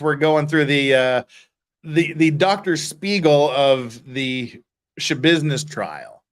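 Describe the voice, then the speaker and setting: A man's voice: on the high side, lively intonation, slow. A man hosting a casual legal commentary livestream, reading viewer comments aloud and giving blunt, profane opinions with frequent restarts.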